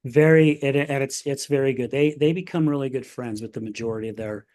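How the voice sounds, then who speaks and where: An emotional man tells his story candidly on a podcast. His voice sits at an ordinary middle pitch. He talks in a loose, conversational way. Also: fairly quick, darkish tone. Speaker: podcast host. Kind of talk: casual conversation.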